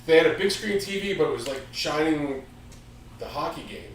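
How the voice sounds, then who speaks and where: A man's voice: on the high side, moderate pace. A man in his fifties from the United States, hosting a casual chat and telling a rowdy story with swearing and acted-out sound effects. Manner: animated, swearing, acts out quotes with sound effects. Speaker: music store show host. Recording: echoey room from far off with faint ambient noise.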